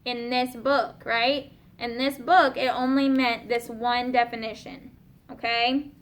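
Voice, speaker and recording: A woman teaching a class of young students, patiently asking questions and slowing down to spell out and explain words. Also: a little high, level tone.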